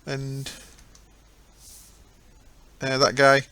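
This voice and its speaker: This gaming channel host speaks extremely slowly in a mid-range voice, completely flat yet bright and forceful, with no echo. He rambles casually over his own gameplay and often self-corrects.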